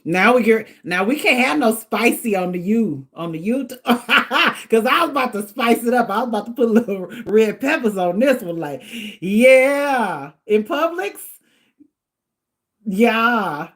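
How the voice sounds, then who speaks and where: A middle-aged woman hosting a casual livestream, chatting in an animated way and laughing often. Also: on the high side, measured pace. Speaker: livestream host.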